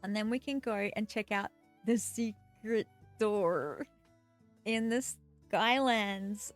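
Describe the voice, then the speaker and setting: A woman game streamer chatting casually and excitedly with her live viewers while she plays, giggling often. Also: medium pitch, slow pace, soft background music.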